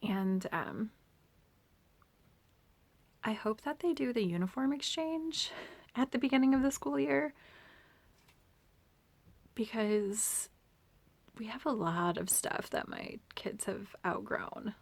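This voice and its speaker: A woman's voice: on the high side, lively intonation, slow, vocal fry, long pauses. A woman chatting casually at home in a vlog, rambling and sometimes dropping to a near-whisper. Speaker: vlogger and homeschooling mom.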